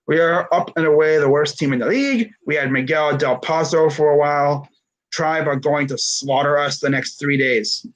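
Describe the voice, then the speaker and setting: A man's voice: on the high side, moderate pace, poor audio. A man in his twenties chatting casually about sports on a stream, rambling with lots of fillers and self-corrections while reading live comments. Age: 20s.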